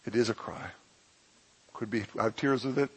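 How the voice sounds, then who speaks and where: A man preaching a sermon as pastor of his church, impassioned, swinging between loud emphatic lines and hushed ones. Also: medium pitch, moderate pace, slightly rough, rough recording.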